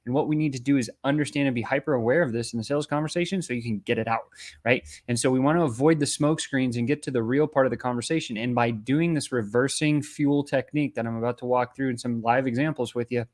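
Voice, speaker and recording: A man in the role of a sales coach, teaching in an easy conversational manner. His voice sits at a middling pitch, and he keeps checking in with a quick "right?" as he explains. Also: a little mellow. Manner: conversational, often tags lines with "right?". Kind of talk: instructional talk to camera.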